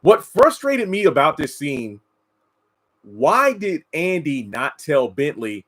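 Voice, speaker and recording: A man giving casual commentary on a TV episode, answering chat comments and mocking characters in high put-on voices. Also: huge pitch swings, measured pace, a bit bright, poor audio. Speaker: TV show reviewer.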